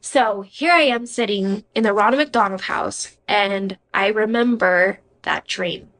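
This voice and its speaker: A woman's voice: mid-range voice, unhurried, fairly bright tone, low-quality recording. A young adult woman, a podcast guest, giving a personal faith testimony in an earnest, emotional, conversational way with frequent "like" fillers.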